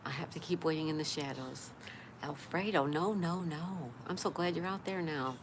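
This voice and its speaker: A woman's deep voice moves at a moderate pace as she hosts a casual live stream, greeting viewers by name. Chatty throughout, she reads their comments aloud, and background noise comes through clearly.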